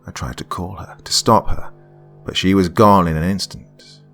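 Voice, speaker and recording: A man with a very deep, low voice reads a scripted horror story in the first person. His delivery is measured and tense, sometimes sinking to a hush. Faint background music sits under him. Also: fairly even intonation.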